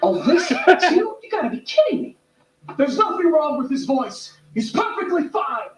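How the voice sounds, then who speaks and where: A man's voice: very high voice, very animated, moderate pace. An actor playing an exasperated, sarcastic man who has completely run out of patience, heard as distant, roomy clip audio.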